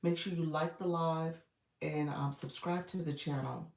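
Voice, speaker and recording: Woman coach on a livestream, raspy morning voice, encouraging, echoey room, mic kinda far. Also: low-pitched, steady tone, unhurried, a little mellow. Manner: chatty, encouraging, greets viewers by name. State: groggy morning voice. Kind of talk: casual livestream chat with viewers.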